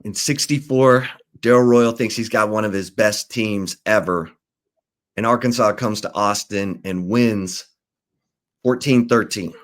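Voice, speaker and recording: A man, a sports insider, casually telling the history of a college football rivalry in an unhurried storytelling way. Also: fairly low pitch.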